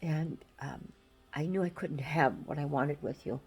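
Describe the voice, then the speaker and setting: An older woman giving a halting, emotional farewell message, close to tears, with many pauses and restarts. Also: deep voice, a little mellow, poor audio.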